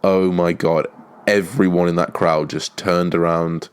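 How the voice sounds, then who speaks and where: A young man hosting a podcast, telling a story in a casual, animated way and swearing often. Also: sits low, a little slow, clear, resonant tone. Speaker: podcast host.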